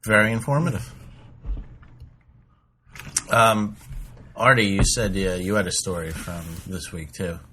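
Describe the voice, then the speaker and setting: A man's voice: sits low, fairly even intonation, unhurried, long pauses, sharp tone, a little hiss or hum. A man hosting a casual comedy podcast, throwing in dry, teasing questions. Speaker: podcast host.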